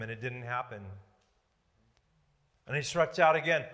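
A male pastor preaching a sermon dramatically, swinging from loud declarations to hushed near-whispers. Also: mid-range voice, a little slow, long pauses, long reverb tail. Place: church sanctuary.

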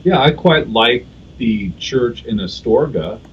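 A man from California, a guest on a podcast, recounting his travels in a measured, thoughtful way with frequent fillers. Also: medium pitch, animated, dull audio, slight background noise. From California, USA. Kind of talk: casual podcast interview.

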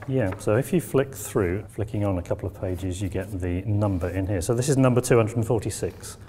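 A middle-aged man, a library manager, explaining things in a quick, chatty way with hesitant ums. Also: on the low side, dark tone. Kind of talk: casual explanatory chat. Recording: roomy hall with faint background noise.

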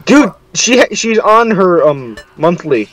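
A man's voice: high voice, big pitch swings, takes it slowly, fairly bright tone, soft background music, rough recording. A man joining a let's play over voice chat, tossing in jokey, crude comments as casual banter. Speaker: co-player watching a let's play.

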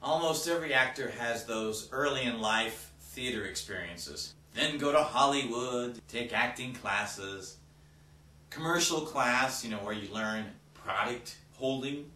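A man's voice: medium pitch, a little slow, pushed and bright, recorded from a distance, a little hiss or hum. A man, an actor, narrating his career in an upbeat, showman-like way. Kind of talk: self-promo narration. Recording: echoey room, off-mic.

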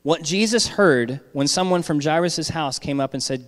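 A man's voice: on the high side, moderate pace, big-room sound. A man giving a sermon as pastor, talking conversationally and checking in with the congregation with frequent "all right?".

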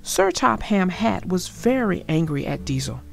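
A woman reading a children's picture book aloud in a gentle, expressive way. Her voice has a slightly gravelly grain and moves widely in pitch, at a slow, unhurried pace. Soft music plays faintly behind her. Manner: expressive, gentle storybook delivery. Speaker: storyteller. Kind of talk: children's read-aloud storytelling.

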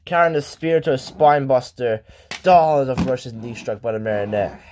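A man calling a wrestling match play by play, excitable, shouting in bursts and swearing. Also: mid-range voice, moderate pace, a little hiss or hum. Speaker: wrestling commentator.

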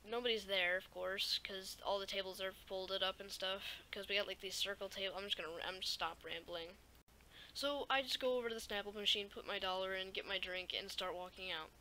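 A teenage girl telling a school story in a rambling vlog, with lots of "like" and "okay?" and animated asides. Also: mid-range voice, brisk, a little hiss or hum, rough recording. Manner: rambling, animated, fillers like "like" and "right?". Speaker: YouTuber.

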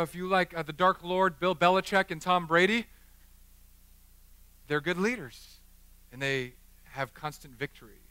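A middle-aged man preaching a sermon as the church pastor, joking with the congregation and acting out the people in his stories with lively energy. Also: high voice, clean tone, no room sound. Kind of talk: sermon with storytelling. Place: church chapel.

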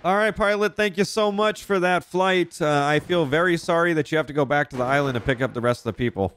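A man's voice: on the high side, fast talker, fairly bright tone, a little hiss or hum. A man streaming police role-play, chatting casually, swearing often and laughing easily. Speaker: streamer playing a police officer.

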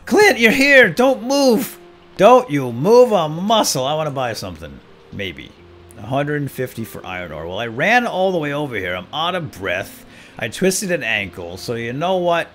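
Man, gameplay commentary, animated, lively pitch, faint music behind. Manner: animated, excitable, talks to game characters. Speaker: let's play gamer.

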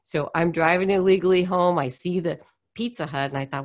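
Woman, low voice, middle-aged, from the US, animated storyteller, acts out quotes. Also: normal speed. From United States. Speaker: guest speaker on poverty. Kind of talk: storytelling interview.

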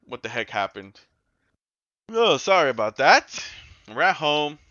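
A man giving casual, excitable gameplay commentary as a gaming YouTuber, yelling and swearing when the game goes wrong. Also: fairly high pitch, a little slow, no room sound, highs cut off.

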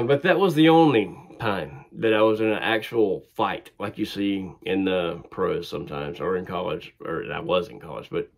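Low-voiced man telling a story. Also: creaky. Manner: conversational with fillers and restarts. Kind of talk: casual storytelling.

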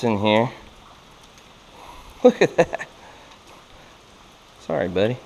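A man, filming himself fishing for bass and exclaiming at each catch. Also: slow pace, gravelly. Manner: excitable, exclaims often, laughs a lot. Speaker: fishing vlogger. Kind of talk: excited outdoor commentary. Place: outdoors by a creek under a bridge. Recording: noisy outdoor camera audio.

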